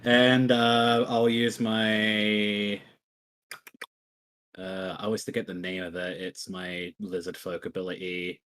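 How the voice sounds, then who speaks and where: A man's voice: on the low side, little pitch movement, slow pace, fairly bright tone. A man playing a tabletop game, rambling and hesitant, stopping often to search for words. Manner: rambling, hesitant, many fillers. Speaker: player. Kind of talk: casual tabletop game play.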